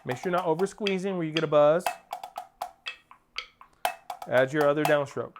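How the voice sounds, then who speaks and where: A man's voice: fairly high pitch, normal speed, pauses often, over music. A male percussion teacher giving a drum lesson, coaching steadily, counting off and singing rhythms as syllables. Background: percussion playing.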